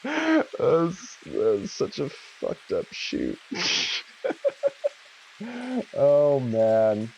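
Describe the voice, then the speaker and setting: A man's voice: medium pitch, wildly swooping pitch, extremely slow, creaky, pauses often, darkish tone, muffled recording, a little hiss or hum. A man hosting a casual livestream who laughs often and swears freely. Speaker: livestream host.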